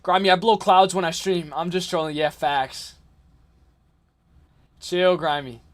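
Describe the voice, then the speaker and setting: Speaking a little slowly in a high, steady voice, a young New York-area man hosts a livestream late at night. He rambles in a relaxed way, answering chat messages and often laughing.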